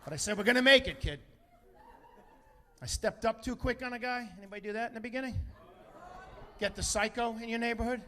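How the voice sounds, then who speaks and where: Brash, high-voiced stand-up comedian man. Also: fast talker, slight background noise. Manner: brash, profane storytelling with acted-out quotes and loud punchlines. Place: comedy stage with a live audience.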